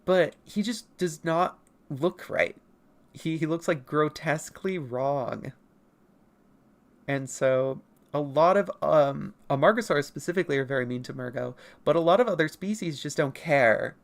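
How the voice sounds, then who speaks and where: An artist streamer chatting casually with viewers while drawing late at night, rambling, laughing often and deliberately keeping the voice pitched above its natural level. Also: vocal fry. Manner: consciously holds voice higher than natural. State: up late, nearly four in the morning. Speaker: artist streamer answering chat questions.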